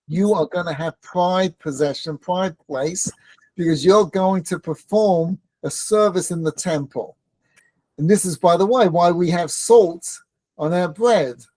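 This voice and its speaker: A man's voice: a little high, dark tone, no room sound. A man teaching a Torah class in a conversational, joking way, often asking his listeners questions. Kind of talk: informal Torah lesson with banter.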